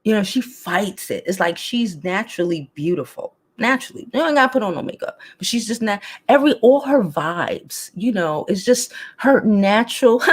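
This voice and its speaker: A woman's voice: mid-range voice, lively intonation, normal speed, few pauses, husky. A woman hosting a casual livestream chat and reading the comments, blunt and talkative, who laughs often and swears freely. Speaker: host.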